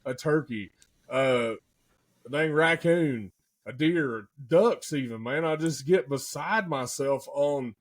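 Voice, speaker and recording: An excitable young man with a somewhat high-pitched voice tells a hunting tale in loose, folksy podcast chat. He gets animated and carried away as he talks. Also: slow. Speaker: podcast hunter telling a hunt story. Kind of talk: casual storytelling chat.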